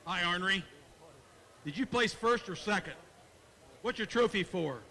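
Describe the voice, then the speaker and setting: A man working as a livestock auctioneer at a county fair, chanting bids in a fast rhythm and joking folksily with bidders. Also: sits high, animated, creaky, pushed and bright, big-room sound. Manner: folksy, jokes with bidders and kids. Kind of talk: rapid auction chant and announcements. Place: county fair show arena.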